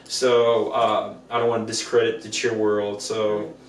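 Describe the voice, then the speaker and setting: Man, podcast co-host, animated storyteller, roomy echo, set back from the mic, faint hiss. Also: on the low side, measured pace. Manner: animated, acts out quoted voices. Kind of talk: casual storytelling chat. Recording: echoey room, distant mic, faint noise.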